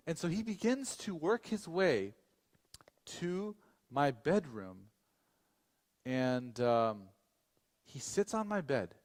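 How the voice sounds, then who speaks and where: A man's voice: a little high, big-room sound. A male pastor telling a long personal story in a casual, chatty way, with many fillers and restarts and frequent asides to his listeners. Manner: speaks directly to the audience. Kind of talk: storytelling sermon.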